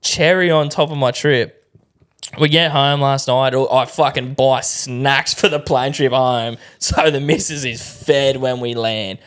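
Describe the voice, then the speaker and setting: An Australian man co-hosting a podcast, telling a sweary, animated story in casual chat. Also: mid-range voice, unhurried, smooth. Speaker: podcast co-host.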